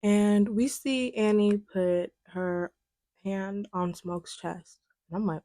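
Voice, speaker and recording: A young woman, chatting in a lively, casual way about a film, with lots of fillers. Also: mid-range voice, normal speed, creaky, no room sound. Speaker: video essayist. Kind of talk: casual film commentary chat.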